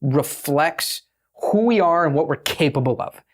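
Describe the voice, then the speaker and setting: Man, slightly high voice, podcast guest; brash, swears freely, races then slows down for emphasis. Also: animated. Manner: brash, profane, fast bursts with emphatic slowdowns. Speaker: guest, pitching expert. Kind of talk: podcast interview talk.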